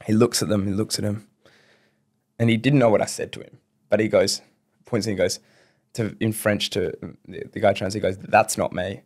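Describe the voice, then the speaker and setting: A man's voice: fairly low pitch, flat delivery, a little fast, pauses often, darkish tone. A young man telling a long story as a podcast guest, rambling through fillers and restarts. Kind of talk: casual storytelling.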